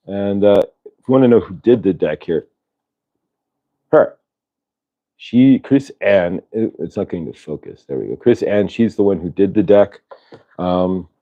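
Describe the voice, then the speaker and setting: A man hosting a casual spiritual livestream, reading cards and talking in a rambling, halting way with many fillers and restarts. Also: on the low side, dark tone. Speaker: channeler and show host.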